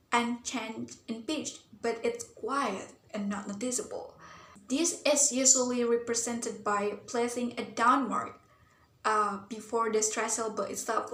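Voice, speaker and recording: A young woman with a somewhat high voice walks through a class topic as a student presenter. She sounds earnest and thinks aloud, often pausing on "um" and "like". The room carries a noticeable echo. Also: fairly bright tone. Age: young adult. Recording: roomy echo.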